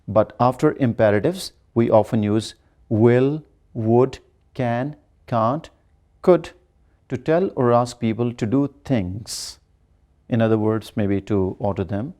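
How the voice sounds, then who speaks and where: A man giving a grammar lecture, slowly explaining and repeating examples. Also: medium pitch, animated, warm tone. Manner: explains slowly, repeats examples, demonstrates rising and falling tones. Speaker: English lecturer.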